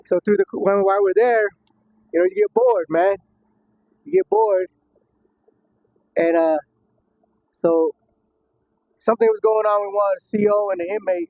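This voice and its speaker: A high-pitched man casually tells a prison story, swearing heavily, laughing at times and acting out others' voices. He speaks at a measured pace with long pauses, and the audio is dull, muffled and dry with no room sound.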